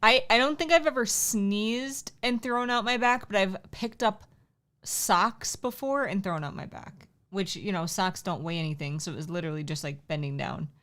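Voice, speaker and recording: A woman's voice: mid-range voice, moderate pace, fairly bright tone. A woman in her thirties co-hosting a casual livestream, chatty and teasing, reading viewer comments aloud. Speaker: livestream co-host. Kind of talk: casual chat.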